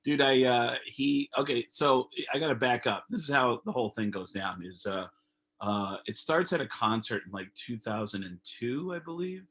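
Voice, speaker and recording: Husky-voiced man telling a story. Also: mid-range voice, moderate pace, rough recording. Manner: animated, profane, acts out others' lines in raised voices. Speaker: comedian guest. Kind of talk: casual storytelling interview. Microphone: video call.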